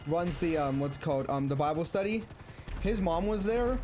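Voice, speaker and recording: A young man chatting casually while streaming a game, rambling and halting with lots of ums and restarts. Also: a little high, lively intonation, darkish tone, faint music behind. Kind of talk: casual gameplay chat. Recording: faint game noise behind.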